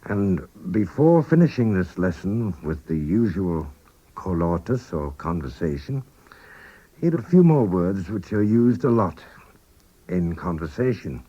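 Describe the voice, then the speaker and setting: Slow, patient male radio language teacher. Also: deep voice, big pitch swings, warm tone, husky. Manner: slow, patient explaining with repeated example phrases. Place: radio studio. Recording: dull 1980s radio recording.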